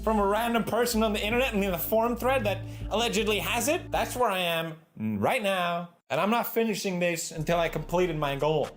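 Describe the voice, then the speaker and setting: A man chatting casually on a stream, his ranting swinging from low grumbles to high shouted outbursts. Faint music plays behind him. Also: a little fast, hardly any pauses. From Japan-based.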